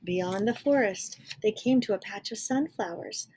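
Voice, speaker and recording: A woman reading a picture book aloud to children, pausing to explain words in a lively way. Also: mid-range voice, noisy background. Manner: animated, explains words for kids. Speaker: children's storyteller.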